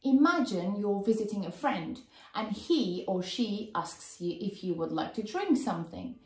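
A woman teaching English phrases in a friendly video lesson, explaining slowly and clearly. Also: medium pitch, animated, a little mellow. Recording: echoey room.

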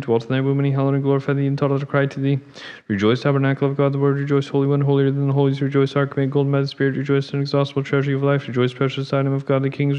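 A man reading a monastery prayer service aloud as chanted liturgical reading, in rapid, even recitation. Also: medium pitch, smooth, muffled recording. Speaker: monastic reader. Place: monastery church.

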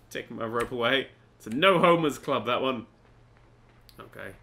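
A man's voice: mid-range voice, lively intonation, normal speed, pushed and bright. A man giving jumpy, self-talking commentary while playing a game, swearing often. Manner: jumpy, swearing, talks to himself. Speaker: gaming channel host. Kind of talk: let's play commentary.

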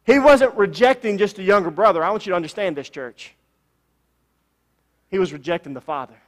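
A man preaches a sermon with a high voice that rings through the long reverb of a church sanctuary. He stresses his points through repetition and stretches out key phrases. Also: lively intonation, a little fast. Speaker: pastor.

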